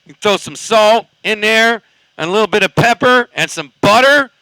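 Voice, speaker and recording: A man's voice: sits high, expressive, normal speed, sharp tone, no echo, low-quality recording. A man from California chatting casually on a CB radio, rambling and cussing in a laid-back way. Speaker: CB radio operator.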